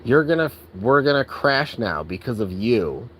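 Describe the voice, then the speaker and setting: A man's voice: mid-range voice, very animated, normal speed, fairly bright tone, slight background noise, poor audio. A man ranting angrily and profanely in a casual vlog, exasperated and full of filler words. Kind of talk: angry rant.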